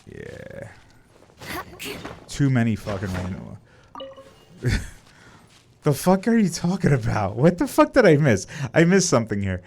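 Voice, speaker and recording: A young man casually commenting on his live game stream, swearing freely and reacting loudly. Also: medium pitch, huge pitch swings, a little slow, vocal fry, pauses often, a little hiss or hum. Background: game music.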